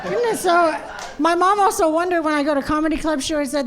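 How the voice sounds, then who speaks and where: A woman's voice: extremely high pitch, fast, a bit bright, some chatter behind, slight background noise. A woman doing a stand-up comedy set on a club stage, telling stories animatedly and imitating her family.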